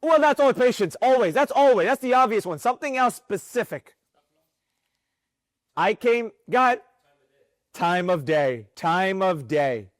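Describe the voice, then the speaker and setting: High voiced guy teaching a trading class, hypes it up, keeps quizzing the students, dry sound. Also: measured pace, pauses often, no echo. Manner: energetic, fires rhetorical questions at students. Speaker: trading instructor. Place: room with students present.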